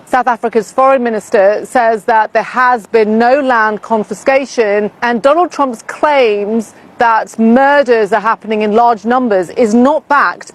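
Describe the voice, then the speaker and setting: Female news reporter with a slightly high voice and a measured delivery. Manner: measured, formal.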